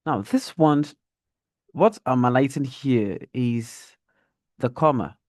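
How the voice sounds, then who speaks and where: A male teacher walks young children through a reading lesson at an unhurried pace. His voice sits at a middle pitch and is recorded dry and close, with no room around it. He models intonation as he reads aloud. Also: darkish tone, dry recording. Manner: slow, deliberate explanations, demonstrates intonation.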